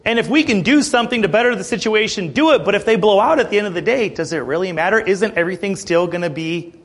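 Animated, high-voiced man preaching a sermon. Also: quick pace. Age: 30s. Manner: earnest, conversational, with asides and rhetorical questions.

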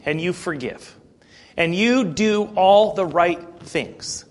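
A male pastor giving a conversational sermon, plain-spoken, asking the congregation rhetorical questions and often clearing his throat. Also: high voice, expressive, takes it slowly.

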